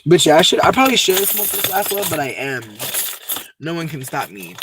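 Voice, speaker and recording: High-voiced man, bold and profane. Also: very animated, a little fast, noisy background. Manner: profane, emphatic, many fillers and restarts. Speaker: livestreamer answering chat. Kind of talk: casual ranting commentary.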